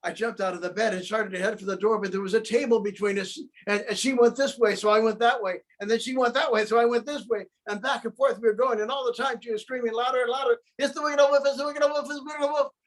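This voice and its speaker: Speaking in the first person as the wolf, a man tells a story in an aggrieved, put-upon tone, bringing the characters to life with lively voices. His voice is high and he talks fast, barely pausing. The recording comes from a video call.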